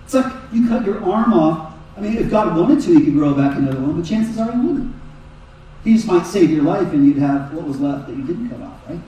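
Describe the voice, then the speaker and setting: High-voiced preacher in an echoey hall. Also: male voice, a little fast. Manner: animated preaching, voices Jesus and Peter in quotes. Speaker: pastor. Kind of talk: sermon. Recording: echoey hall, mic far off.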